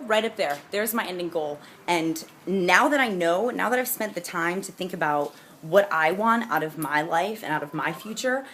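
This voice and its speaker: A woman's voice: on the low side, fairly bright tone, a little hiss or hum. A young adult woman chatting casually and upbeat in a vlog, bubbly and talkative with frequent restarts. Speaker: vlogger. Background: jazzy music playing.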